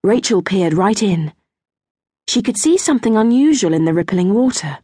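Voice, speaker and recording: A woman narrating a children's audiobook in a gentle storytelling manner. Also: medium pitch, normal speed, husky, no echo, studio quality. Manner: gentle storytelling, lively intonation. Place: recording studio. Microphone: close studio mic.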